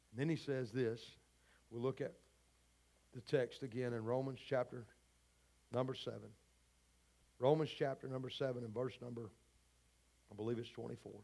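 A man's voice: medium pitch, steady tone, moderate pace, long pauses, darkish tone. A man preaching a sermon to his congregation in a fervent, folksy way, speaking straight to the people in the pews. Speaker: pastor. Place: church service before a congregation.

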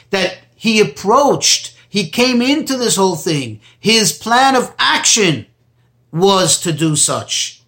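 A man teaching a text study lesson in a deliberate, explanatory way, repeating key phrases for emphasis. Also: high-pitched, sharp tone. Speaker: Torah teacher.

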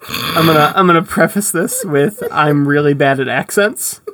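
A man's voice: fairly high pitch, moderate pace, noisy background. A man rambling through casual podcast banter. He hedges and jokes at his own expense as he talks. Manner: rambling, self-deprecating. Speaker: podcast co-host.

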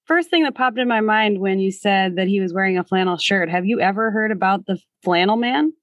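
A woman's voice: mid-range voice, a little fast, no echo. A woman hosting a podcast interview, asking curious follow-up questions. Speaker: podcast host.

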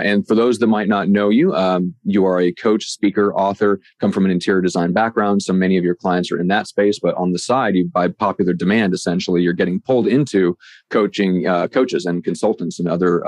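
Deep-voiced male podcast host. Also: steady tone, brisk, darkish tone, no echo. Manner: friendly, rambling questions with fillers. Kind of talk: podcast interview.

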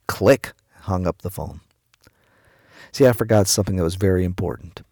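A man's voice: fairly low pitch, normal speed, warm tone, dry recording, studio quality. A middle-aged man preaching a devotional sermon, telling a personal story and quoting the people in it. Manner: storytelling, quotes people in his own raised voice. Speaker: pastor.

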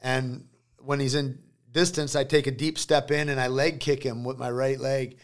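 Man telling an animated story. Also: medium pitch, normal speed. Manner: animated storyteller acting out quoted voices. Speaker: podcast guest. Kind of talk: casual storytelling. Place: podcast studio.

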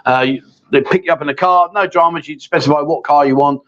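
A man's voice: fairly high pitch, fast talker, fairly bright tone. A middle-aged man hosting a casual live chat show, chatty and joking as he reads out viewer questions. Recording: dull lo-fi stream audio.

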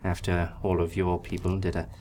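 A man's voice: low voice, monotone, moderate pace, mellow, slight background noise, lightly acted. A man voicing an ambitious, arrogant male pirate who talks in a haughty, demanding way.

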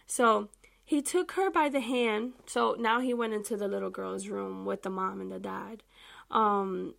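A woman's voice: mid-range voice, unhurried, gravelly. A young woman hosting a podcast, reading the Bible aloud and commenting on it in a casual, emphatic, chatty way, talking straight to her listeners. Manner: animated, emphatic and chatty, addressing listeners directly. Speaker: podcast host.

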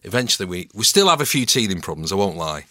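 A middle-aged man with a Mancunian accent, telling stories as a podcast guest in a relaxed, self-mocking way. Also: low-pitched, fast talker, dry recording, studio quality. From Manchester, England. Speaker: guest actor and voice-over artist. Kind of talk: casual podcast chat.

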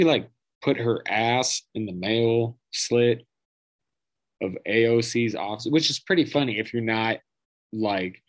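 The clip features a podcast host mocking his targets in a foul-mouthed, sarcastic political tirade. His medium-pitched voice has a fairly bright tone, captured on a low-quality recording.

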